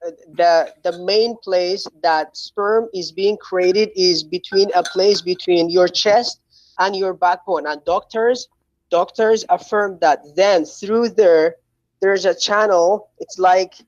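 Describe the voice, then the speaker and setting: A man's voice: sits high, fairly even intonation, slow pace, no echo, dull audio. A man with an Arabic accent in a heated call-in debate, hesitant and repeating himself as he tries to get a word in. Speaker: caller in a debate.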